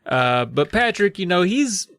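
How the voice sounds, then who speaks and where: A man recaps a children's book with a playful, joking manner, throwing in crude asides between read passages. His pitch swings widely as he talks, and the sound is dry and close to the mic. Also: very animated, a little slow, gravelly, fairly bright tone, no echo. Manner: laughing, playful, sweary asides. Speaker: podcast co-host reading a kids' book. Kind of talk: comedic book recap and reading.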